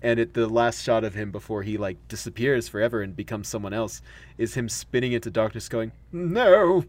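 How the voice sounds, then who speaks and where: A man co-hosting a casual podcast chat, animated and laughing often, slipping into playful quoted voices. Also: fairly low pitch, brisk. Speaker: podcast co-host.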